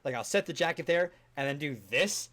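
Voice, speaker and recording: A man's voice: fairly high pitch, animated, fairly quick, a bit bright. A man hosting a casual podcast chat, rambling and swearing freely, laughing often. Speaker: podcast host.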